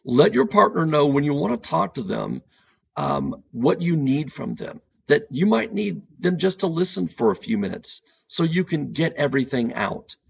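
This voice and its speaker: A man's voice: a little high, animated, normal speed, vocal fry, slightly rough, highs cut off. A man speaking as a couples therapist on an educational podcast, earnest and repeating key points for emphasis.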